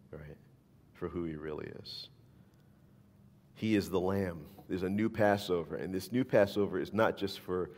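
A man preaching a sermon in a church hall, talking in a loose, conversational way and often checking in with the listeners. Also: low-pitched. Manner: conversational, animated, asks the listeners "right?". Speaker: pastor. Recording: long hall reverb.

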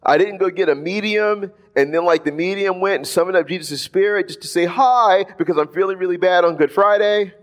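A man's voice: high-pitched, brisk, hardly any pauses. A man preaching in a casual, conversational way, talking through a Bible passage with lots of asides. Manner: animated, conversational, lots of "like" and "right?". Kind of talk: casual sermon.

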